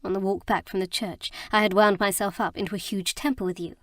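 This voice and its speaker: A woman voicing an earnest, emotional young bride in an audiobook, speaking in a halting, heartfelt way. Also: medium pitch, steady tone, no echo, clean studio sound, close to an everyday voice. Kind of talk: audiobook character reading.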